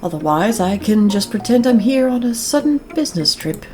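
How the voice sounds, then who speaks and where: A woman's voice: medium pitch, animated, normal speed, warm tone, soft background music, natural voice. A woman voicing a snobby, jealous rich young man who talks down to people in a condescending, haughty manner. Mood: scheming.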